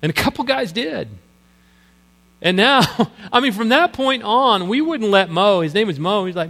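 A middle-aged male pastor preaches in a big, echoing sanctuary, his slightly high voice ringing off the walls over a faint electrical hum. He tells stories casually and laughs at his own jokes. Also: expressive, moderate pace, bright, forceful tone. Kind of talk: sermon. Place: church sanctuary. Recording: live hall with long reverb and mains hum.

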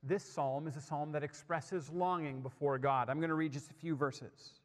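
A man delivers a sermon with a fairly high voice, leaning hard into key words and then sinking to near-hushed phrases. His voice rings with the long reverb of a large hall. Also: steady tone, moderate pace. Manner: emphatic, dropping to soft, hushed lines. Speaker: preacher.

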